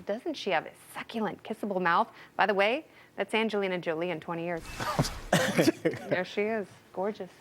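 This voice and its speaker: A woman hosting a TV panel show, reading segments with quick wisecracks. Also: mid-range voice, slight background noise. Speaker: host.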